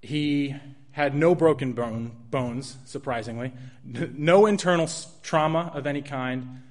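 A young man telling a true personal story in an earnest, halting way, with restarts and soft laughs. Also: mid-range voice.

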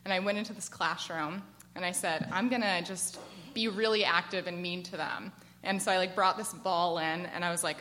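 An American woman in her twenties telling a personal story to a live audience, chatty and animated, with lots of "like" fillers. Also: medium pitch. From United States. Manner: chatty and animated, frequent "like" fillers, laughs as she tells it. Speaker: storyteller at a work event.

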